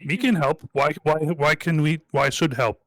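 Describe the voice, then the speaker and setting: A man's voice: a little high, moderate pace, a bit bright, no room sound, soft background music, voice pushed up, close to an everyday voice. A man putting on a blunt goblin with broken speech. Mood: suspicious. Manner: broken grammar, blunt questions. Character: gruff goblin speaking broken common.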